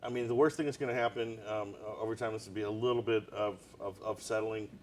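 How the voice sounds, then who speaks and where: A man hosting a casual live-stream chat, quizzing his co-host with quick follow-up questions. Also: on the low side, steady tone, darkish tone, a little hiss or hum. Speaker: show host.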